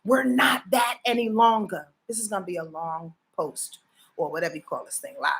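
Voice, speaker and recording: A woman's voice: mid-range voice, fairly even intonation, normal speed, a bit bright. A woman astrologer talking casually on a live stream, emphatic and preachy, swearing freely and often checking that her listeners follow her. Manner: emphatic, profane and preachy, often asks the audience to confirm.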